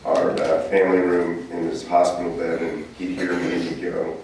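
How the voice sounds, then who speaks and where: Son-in-law eulogist in his sixties, low voice, funny storyteller, recorded from afar in a reverberant hall. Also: little pitch movement, moderate pace, darkish tone, a little hiss or hum. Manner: humorous storytelling. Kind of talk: memorial eulogy. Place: memorial service hall. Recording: echoey hall from far off.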